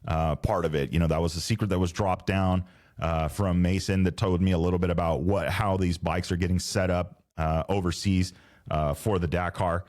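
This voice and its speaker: Podcast host, man, middle-aged, very low voice; casual, rambling, slangy, restarts sentences. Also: fairly even intonation, normal speed, darkish tone. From Southern California. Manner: rambling, self-correcting, laid-back slang. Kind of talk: casual solo podcast chat. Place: home podcast studio.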